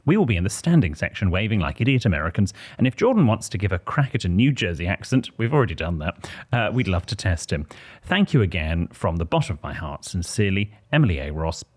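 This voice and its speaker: A man's voice: low voice, sing-song, fast, a little mellow. An English man co-hosting a podcast, reading listener letters aloud with wry, theatrical emphasis. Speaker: podcast co-host.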